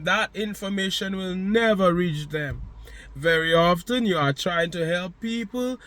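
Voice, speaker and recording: A man's voice: high-pitched, a bit bright. A man giving a motivational monologue, speaking to the listener directly with emphatic, repeated phrases.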